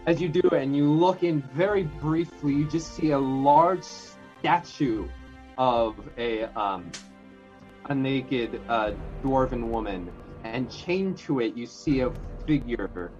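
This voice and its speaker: Brief: tabletop game master, halting narration, expressive, lo-fi audio. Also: mid-range voice, soft background music. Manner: narrates with frequent ums and pauses. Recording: slightly dull lo-fi audio.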